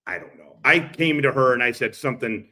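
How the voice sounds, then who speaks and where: A man's voice: mid-range voice, a little fast, sharp tone. A man telling rambling, profane stories on a live stream, laughing often, through a laptop's built-in mic. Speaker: streamer reacting to clips. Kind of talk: casual live-stream storytelling.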